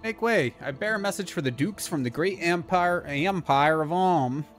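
A man's voice: a little high, faint music behind, voice pushed up, close to an everyday voice. A man voicing a pompous male messenger who proclaims threats of war in a put-on accent, reading game dialogue aloud. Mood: threatening proclamation. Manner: declaiming, loud and slow, put-on accent.

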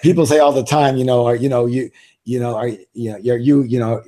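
A man's voice: mid-range voice, steady tone, brisk, warm tone. A middle-aged man telling stories as an interview guest in a casual, self-assured way, with emphatic repeats. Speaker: interview guest, author and seminar leader.

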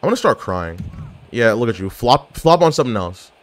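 A man's voice: medium pitch, a little fast. A man giving casual gameplay commentary, joking and trash-talking opponents. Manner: trash-talking, jokey, excitable outbursts. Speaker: gaming YouTuber.

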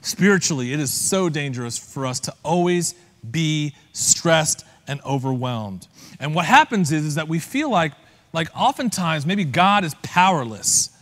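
Male pastor, slightly high voice, conversational sermon delivery, long hall reverb. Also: animated, measured pace, fairly bright tone. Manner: conversational, asks listeners direct questions. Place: church.

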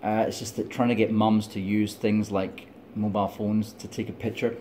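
Middle-aged Scottish man, low and mellow, chatty digressive vlogger. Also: flat delivery, normal speed, slight background noise. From Scotland. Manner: digressive, laughs often, tipsy and chatty. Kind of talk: rambling opinion monologue.

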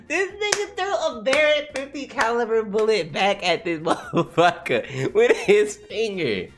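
A man reacting live to a comic as he reads it, excitable and profane, laughing often and swinging between high and low voices. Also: measured pace, faint music behind.

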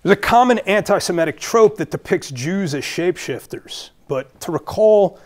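A man's voice: sits high, lively intonation, normal speed, a little mellow. A man with a Brooklyn accent giving a public lecture as a guest speaker, earnest and thinking aloud with fillers and restarts.

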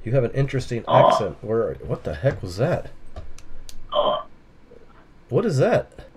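A man baiting a phone scammer, playing a slow, rambling, confused caller. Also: medium pitch, animated, slightly rough. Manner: plays dumb, slow and rambling. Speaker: scam baiter posing as a caller. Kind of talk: prank phone call.

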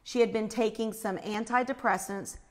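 A woman telling a personal faith story in an animated way, acting out the screams she describes. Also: on the high side, moderate pace.

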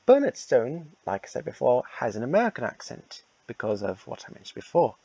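Man, casual announcement, rambling, lively pitch, dry dull lo-fi recording. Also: a little fast, gravelly, breathy edge, dry recording. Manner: rambling, repeats himself. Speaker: fan redub organizer.

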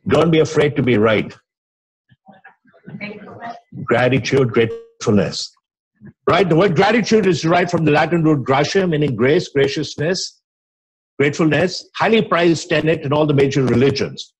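An older man with an Indian English accent speaks to a lecture hall, his voice a little husky. He tells stories, dropping low and quiet on the punchlines of the quotes he recites. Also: animated, normal speed, pauses often. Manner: storytelling, quotes with soft dramatic drops. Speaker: physician giving grand rounds talk.

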